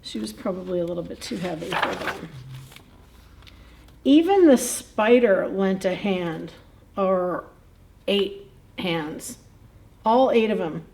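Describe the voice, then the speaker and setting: A woman's voice: medium pitch, lively intonation, slow, creaky, pauses often, darkish tone, a little hiss or hum. A woman librarian reading a picture book aloud at a children's story time, in a playful, chatty way, chuckling and asking the kids questions.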